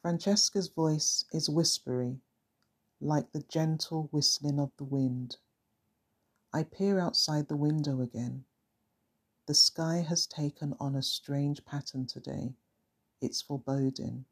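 A narrator reading a first-person story in a calm, measured, reflective way. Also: medium pitch, breathy edge.

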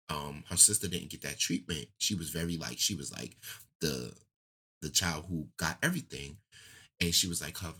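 A man, talking candidly and emotionally in casual conversation, his voice rising and falling as he tells a story. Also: breathy edge. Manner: emotional, candid storytelling with lively pitch swings.

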